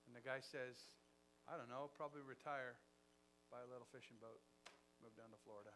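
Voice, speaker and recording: A man preaching a sermon, telling a story with acted-out dialogue and big swings in loudness. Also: mid-range voice, normal speed, long pauses, a little hiss or hum.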